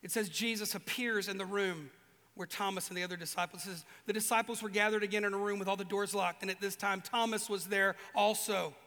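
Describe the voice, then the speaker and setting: A man preaching a sermon to a live audience, animated and joking, acting out the voices of people in the story. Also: high-pitched, fairly quick. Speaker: pastor. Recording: long hall reverb.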